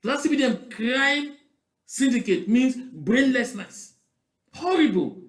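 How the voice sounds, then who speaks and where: A man's voice: very high-pitched, lively intonation, takes it slowly. A man with a Cameroonian Pidgin English accent giving emphatic political commentary, repeating points and firing rhetorical questions. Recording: roomy echo.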